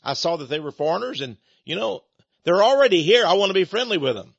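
A man's voice: sits high, very animated, fast, vocal fry, husky, no echo. An older man hosting a talk show, delivering a rambling political commentary monologue and repeating words when he gets heated. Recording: dull lo-fi dry sound.

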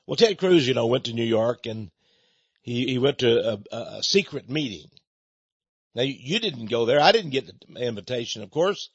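A man's voice: medium pitch, expressive, normal speed, breathy edge, no echo, muffled recording. A man hosting a ministry broadcast, delivering a rambling, emphatic monologue full of repeated phrases and restarts.

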